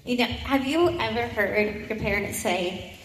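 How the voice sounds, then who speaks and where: A high-pitched woman talks young children through a church children's message, upbeat and coaxing. Her voice carries through a large, echoey sanctuary with a long hall reverb and a faint hum of room ambience. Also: measured pace. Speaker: children's sermon leader. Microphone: handheld microphone.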